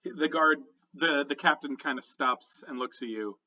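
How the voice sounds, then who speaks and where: A man's voice: on the high side, normal speed, bright, forceful tone, lo-fi sound. A man narrating a tabletop game as game master, casual and filler-heavy.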